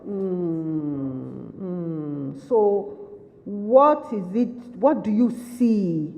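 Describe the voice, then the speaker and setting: A woman's voice: fairly low pitch, very slow, vocal fry, warm tone. A woman trainer giving a workshop lecture to caregivers, firing off repeated questions and restating her points. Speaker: behaviour management trainer. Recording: lo-fi recording with long hall reverb.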